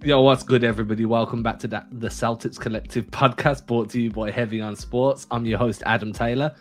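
A male podcast host who jokes easily and keeps a lively, bantering conversation going. He speaks with a non-American English accent, at a mid pitch. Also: fairly quick, faint music behind. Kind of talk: casual chat.

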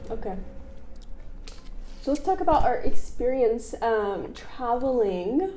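Mellow-voiced young woman podcast host. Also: on the high side, very animated, takes it slowly, poor audio. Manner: chatty, giggly, rambling. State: sore throat and stuffy nose. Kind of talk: casual chat. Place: chilly outdoor seating on a street.

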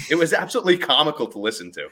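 Bright, lively low-voiced man. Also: slight background noise. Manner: animated, swears casually. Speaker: podcast co-host. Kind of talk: casual chat.

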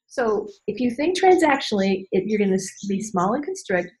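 A woman business coach in a candid podcast conversation, animated and emphatic, acting out voices and repeating key phrases. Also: medium pitch, a little fast, rough recording. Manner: animated, acts out voices and inner dialogue.

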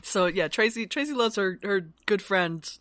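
A woman's voice: mid-range voice, expressive, moderate pace, a bit bright, no room sound. A woman co-hosting a casual book-club podcast, laughing often and retelling the plot by acting out the characters' lines. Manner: laughs often, recaps the plot with acted-out dialogue. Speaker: podcast co-host.

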